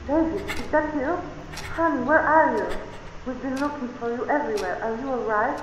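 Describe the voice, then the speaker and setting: A woman's voice: high-pitched, normal speed, close to an everyday voice. A woman voicing a killer who fakes a worried mother's voice to mock the listener, in a game. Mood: pleading. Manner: pleading then gloating and laughing. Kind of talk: video game voice acting. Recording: distant echoey reverberant noisy sound.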